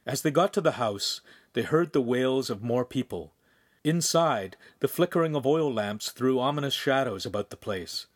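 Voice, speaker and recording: A man reading a young adult novel aloud as narrator, steady and measured. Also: mid-range voice. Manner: steady storytelling, voices characters. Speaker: audiobook narrator. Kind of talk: scripted narration.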